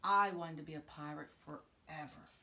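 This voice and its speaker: A woman teacher reading a children's picture book aloud in an expressive, sing-song way. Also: low-pitched, moderate pace, slight background noise. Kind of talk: children's storybook read-aloud.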